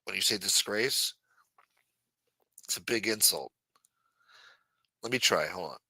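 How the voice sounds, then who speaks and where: A man's voice: sits low, lively intonation, measured pace, creaky, pushed and bright, husky, no room sound, low-quality recording. A man hosting a late-night livestream who rants casually and reads news aloud in a profane, blunt and mocking manner. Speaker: livestream host. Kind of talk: casual ranting commentary.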